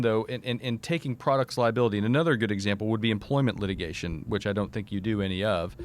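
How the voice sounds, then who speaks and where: Man, talk show host, rambling, animated, repeats himself. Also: medium pitch. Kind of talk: casual talk show hosting.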